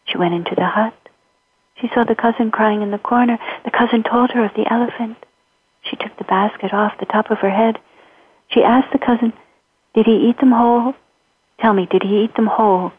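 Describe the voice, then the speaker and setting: A woman storyteller telling a folktale in a rhythmic, repetitive way, with a husky voice. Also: mid-range voice, no room sound. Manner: rhythmic, repetitive, sings short refrains. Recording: tinny phone-like recording.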